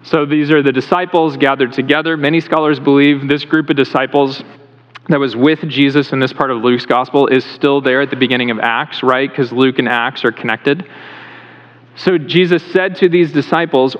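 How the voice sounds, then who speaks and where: A man's voice: medium pitch, fairly even intonation, moderate pace. A male pastor giving a conversational sermon in a church, asking the congregation questions as he goes. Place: church sanctuary. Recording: reverberant hall, dull lo-fi sound.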